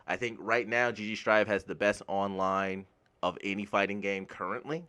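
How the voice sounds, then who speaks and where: A man from the United States giving a casual, blunt gaming commentary rant, swearing freely and getting animated when worked up. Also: fairly low pitch, moderate pace, clear, resonant tone. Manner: blunt, swears freely, laughs at own jokes. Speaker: gaming YouTuber.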